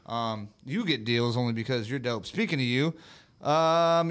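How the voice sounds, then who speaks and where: A man's voice: medium pitch, a little slow, a bit bright. A man co-hosting a live podcast, joking loosely with heavy swearing and reading viewer comments aloud. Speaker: podcast co-host. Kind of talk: casual live podcast chat.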